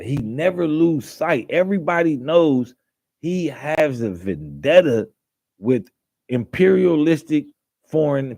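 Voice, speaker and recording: Male podcast host, slow unhurried talk, warm darker tone, dry close sound, lots of ums and rhetorical questions. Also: medium pitch, dry recording. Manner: rambling, with fillers and repeated restarts; rhetorical questions, mock-quoting others. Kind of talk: casual commentary monologue.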